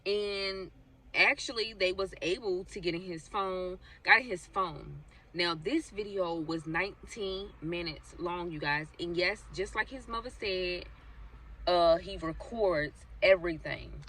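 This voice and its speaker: A woman's voice: fairly low pitch, measured pace, bright, forceful tone, distant mic. A woman vlogger casually retelling a true-crime story, chatty and talking straight to her viewers with lots of fillers. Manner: chatty, addresses viewers directly, frequent fillers like "so basically".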